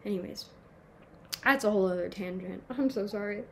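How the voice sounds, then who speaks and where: A woman's voice: medium pitch, a little fast, a little hiss or hum. A nineteen-year-old woman chatting casually to her camera at home, rambling, swearing and poking fun at herself. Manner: rambling, swearing, self-mocking. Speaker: vlogger. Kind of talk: casual chat. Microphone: camera mic.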